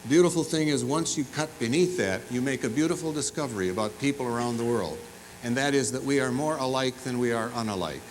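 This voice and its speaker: Speaking fast in a mid-range voice, a man delivers a commencement speech in a large university fieldhouse, full of animated, funny anecdotes, audience asides, and teasing. The audio quality is poor, with some hiss or hum.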